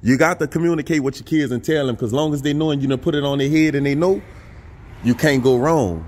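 A man's voice: a little high, fast, darkish tone. Man, New Orleans accent, middle-aged, casual vlog talk, preachy, repetitive, addresses viewers directly. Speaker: vlogger.

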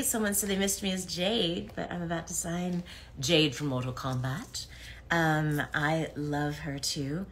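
Signing autographs during a livestream, a voice actress reads fan comments out loud and laughs a lot in relaxed chat. Her voice is lowish and a bit bright, with slight background noise.

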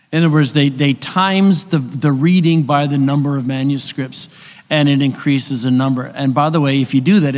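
A man gives a conversational conference lecture on biblical texts in a church hall, explaining through rhetorical questions and asides. His mid-range voice is a little mellow, and the recording has a long hall reverb.

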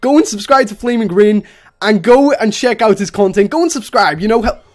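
A woman streaming a game live, chatting to viewers and breaking into excited shrieks and laughs of disbelief. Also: medium pitch, a little fast.

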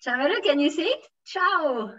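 At a moderate pace, a Swiss teacher with a fairly high, fairly bright voice and big pitch swings guides beginners through French in an online class. She switches languages between English and French, leans on fillers and praises her students often. Her voice seems slightly distant and muffled, picked up from across a room.

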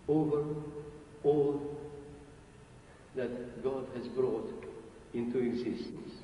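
A man, an Orthodox bishop, giving a spiritual lecture in slow, deliberate, halting phrases with long pauses. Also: mid-range voice, lo-fi sound, slight background noise. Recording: archival recording, echoey hall from far off.

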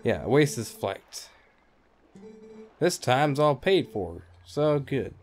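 A man's voice: medium pitch, sing-song, slow, darkish tone, soft background music. A man hosting a let's play, giving casual, rambling gameplay commentary with wry asides and offhand cursing.

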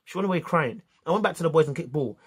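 A young British man telling a story to camera in casual slang, animated and acting out the dialogue. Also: fairly high pitch, racing, husky. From United Kingdom. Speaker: vlogger.

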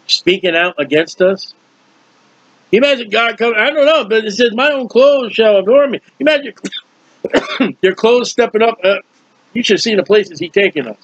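A man preaching a verse-by-verse Bible teaching, animated and questioning his listeners. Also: high voice, slightly rough, no echo. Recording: dull lo-fi dry recording.

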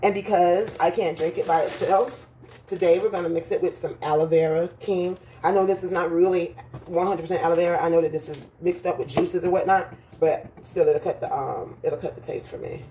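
A woman vlogging casually from her patio and home, chatty and quick to laugh at her own jokes, her voice slightly rough. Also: fairly low pitch, fairly even intonation, dark tone, slight background noise. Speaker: lifestyle vlogger. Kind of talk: casual vlog chat to viewers. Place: home patio then indoors.

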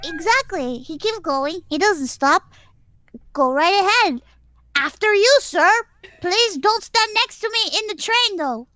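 A woman's voice: extremely high pitch, animated, measured pace, pushed and bright, dry recording. A woman chatting casually, wry and a little hesitant. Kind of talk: casual chat.

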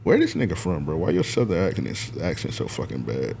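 Deep-voiced man in profane podcast banter. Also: a little fast, gravelly, slight background noise. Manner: animated, profane, teasing. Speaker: podcast co-host.

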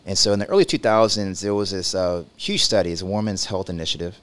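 A doctor hosting a podcast speaks quickly in a deep, steady, somewhat bright voice. His explanations ramble loosely, packed with fillers and restarts, in the style of a casual conversational interview.

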